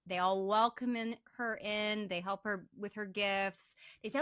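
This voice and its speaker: A woman's voice: medium pitch, normal speed, few pauses, smooth, dry recording. A young woman co-hosting a podcast, casually retelling a movie's plot and acting out the characters' lines. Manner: animated retelling, acts out quoted lines. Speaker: podcast co-host.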